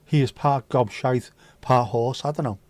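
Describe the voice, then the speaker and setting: A British man hosts a relaxed livestream, chatting and cracking jokes as he reads out viewer comments. His voice sits at an ordinary pitch. The sound is close and dry, with no room echo. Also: normal speed. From United Kingdom. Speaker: livestream host. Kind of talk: casual livestream chat.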